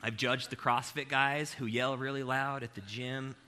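A man's voice: medium pitch, moderate pace. A man preaching an evening sermon in a casual, humorous, self-deprecating way, talking straight to his listeners. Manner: animated, self-deprecating, addresses the crowd directly.

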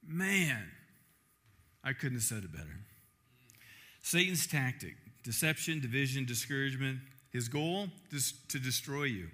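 Bright, emphatic male preacher. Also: medium pitch, a little slow. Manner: emphatic, fires rhetorical questions, animated storytelling. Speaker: camp preacher. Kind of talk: sermon.

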